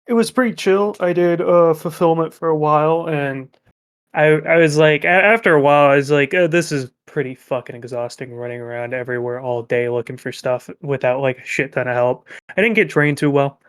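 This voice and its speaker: A young man co-hosting a podcast, telling work stories in a profane, animated way. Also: a little high, a little fast, smooth. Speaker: podcast co-host. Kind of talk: casual chat.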